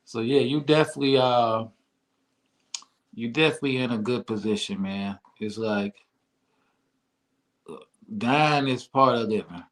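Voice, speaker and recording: A man's voice: medium pitch, a little slow, pauses often. Easygoing slangy male show host. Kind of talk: casual interview talk.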